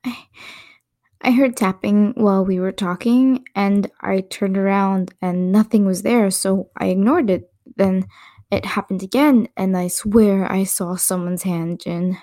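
A woman's voice: a little high, a little slow, creaky, a little mellow, slightly rough, full character voice. A woman voicing a frightened young woman who speaks shakily and breathlessly, often half-whispered.

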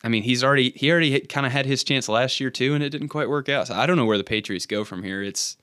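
Quick and mid-range, his voice is fairly bright, clear and resonant, with no room sound in the recording. He co-hosts a sports podcast, first reading a pun-filled recap and then chatting loosely with fillers and false starts.

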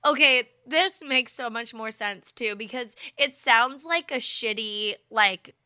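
Woman, podcast co-host, casual chat, animated, giggly, slightly high, bright. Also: slow, smooth. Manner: animated, giggly, lots of filler words.

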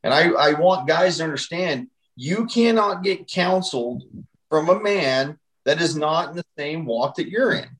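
A man speaks earnestly and plainly, handing out direct advice in a faith podcast conversation. His voice is a touch high for a man. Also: expressive, a little slow, fairly bright tone, low-quality recording. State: married. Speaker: podcast guest.

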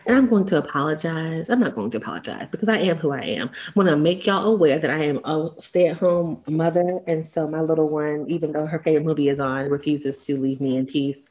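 A woman talks in casual chat on a podcast. Her voice sits low and comes through dull and lo-fi. She is blunt and animated and laughs at herself. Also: fairly quick, hardly any pauses. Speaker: podcast co-host.

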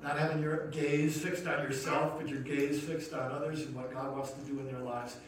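A man's voice: mid-range voice, little pitch movement, moderate pace. A man, a pastor, preaching a sermon in an earnest storytelling manner that rises to emphatic questions. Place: church sanctuary. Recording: echoey hall from far off, noisy.

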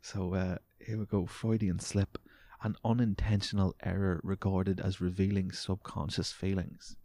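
Gravelly, sweary man. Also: low-pitched, level tone, normal speed, mellow, no echo. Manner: sweary, sarcastic, reads news aloud mockingly. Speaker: podcast host. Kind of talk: casual ranting monologue.

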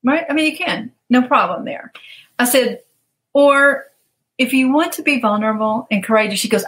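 Woman, coach, interview guest; lively storyteller who voices the people she quotes; somewhat high pitch. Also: moderate pace, rough recording. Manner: animated, acts out quoted voices, laughs often.

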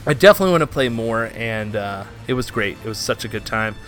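A man's voice: fairly low pitch, lively intonation, fast talker, fairly bright tone, faint music behind. A man hosting a casual gaming podcast, chatting with enthusiasm. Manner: enthusiastic, upbeat sign-off. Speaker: podcast host.

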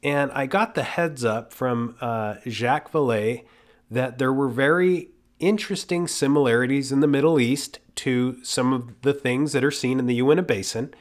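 A man's voice: mid-range voice, moderate pace. Guy hosting a chat show, casual and thoughtful, trips on words sometimes. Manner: conversational, thoughtful, with some stumbles. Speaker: host.

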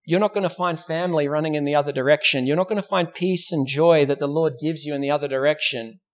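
An Australian man preaches in a church, his voice pitched a little above the usual male range. He tells the story with drama, slips into the voices of the people in it, and keeps putting questions to his listeners. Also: quick pace. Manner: asks rhetorical questions. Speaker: pastor. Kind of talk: sermon.

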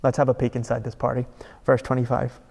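A man delivers a sermon with a gravelly, mid-pitched voice. He preaches conversationally but with emphasis and keeps asking rhetorical questions, and his voice carries a long reverb like a hall. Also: monotone, quick pace, a little mellow, highs cut off. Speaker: pastor.

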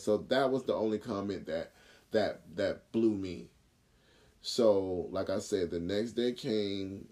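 Male host, low warm voice, casual storytelling monologue. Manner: animated retelling with acted quotes and filler words. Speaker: podcast host.

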